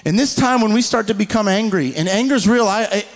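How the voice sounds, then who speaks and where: A man preaching a sermon in an animated way, slowing down to read scripture and acting out quoted people. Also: high voice. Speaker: pastor.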